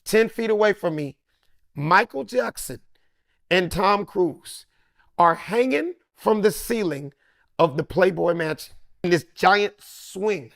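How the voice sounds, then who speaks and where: A man telling an animated anecdote as a podcast guest, acting out the people in his story with changed voices. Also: high voice, slow, creaky, no room sound, clean studio sound. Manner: acts out each person in the story with changed voices.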